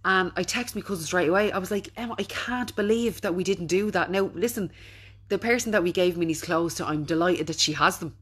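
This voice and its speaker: A middle-aged woman with an Irish accent chats away on a live video, reading out viewers' comments. Her voice sits a little low, and she speaks in a chatty, encouraging tone. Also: a little fast, a bit bright, slightly rough. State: recovering from being unwell. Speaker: business owner hosting a Facebook live. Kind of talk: casual live-stream chat.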